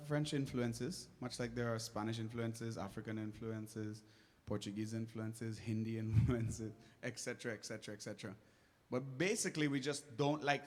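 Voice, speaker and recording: A man with a Caribbean English accent, a touring musician chatting and joking with a live audience between songs, laughing often at his own self-deprecating jokes. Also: mid-range voice.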